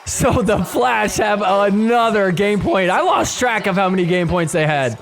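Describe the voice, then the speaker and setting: A man hosting a podcast, giving excitable play-by-play commentary over match footage and shouting at the big points. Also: sits high, measured pace, vocal fry. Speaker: podcast host.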